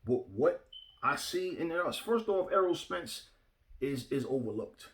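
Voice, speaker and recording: A man's voice: on the high side, animated, measured pace, fairly bright tone, a little hiss or hum. Blunt man talking boxing picks. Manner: blunt, emphatic, repeats himself, addresses viewers directly. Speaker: boxing commentator. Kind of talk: casual opinion talk to viewers.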